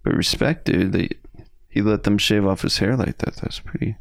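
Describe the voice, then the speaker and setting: Middle-aged male co-host, deep and gravelly, laid-back and joking, dry close mic. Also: normal speed, dry recording. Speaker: podcast co-host. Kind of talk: casual reminiscing chat.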